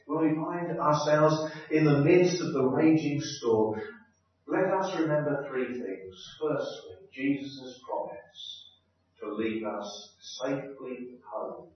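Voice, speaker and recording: Slow-spoken preacher in an echoey hall. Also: male voice, a little high. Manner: slow, deliberate storytelling with pauses and hesitations. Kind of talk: sermon. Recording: echoey hall, distant dull mic.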